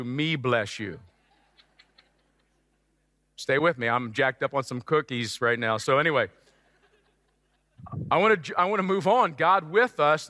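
A man preaching a sermon in an animated, emphatic, joking way with sudden loud stresses. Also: on the high side, dry recording, clean studio sound, in a large hall. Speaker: pastor.

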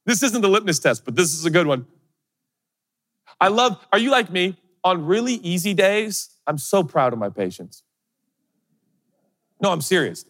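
Lively, joking male pastor. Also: high-pitched, normal speed, long pauses, big-room sound. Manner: animated, humorous, acts out quoted voices; self-deprecating storytelling. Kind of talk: sermon.

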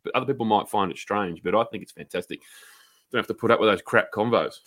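Chatty Australian podcast bloke. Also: male voice, fairly low pitch, fast, fairly bright tone. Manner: chatty, swears casually, rambling. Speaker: podcast co-host. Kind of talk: casual podcast banter.

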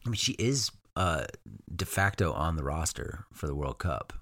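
A man co-hosting a podcast, talking casually about players with relaxed hedging fillers. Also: a bass voice, moderate pace, no room sound, clean studio sound. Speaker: podcast co-host. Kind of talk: casual sports chat.

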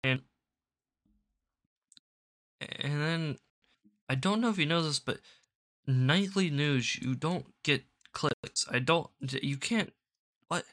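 A man's voice: on the high side, takes it slowly, pauses often, fairly bright tone. A man doing casual reaction commentary at his home desk into a microphone, sarcastic and rambling, swearing now and then. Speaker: political commentator.

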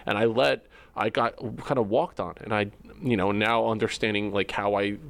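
A man's voice: on the low side, fairly even intonation, normal speed, creaky, fairly bright tone, dry recording. A man co-hosting a podcast, talking candidly about his feelings with many fillers and restarts. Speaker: podcast co-host. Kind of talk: candid personal conversation.

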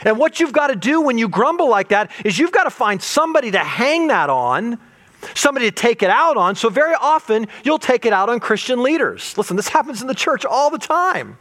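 A man's voice: very high voice, very animated, brisk, a bit bright. A male pastor preaching a sermon, acting out quoted complaints and stumbling into repeated words as he presses his point.

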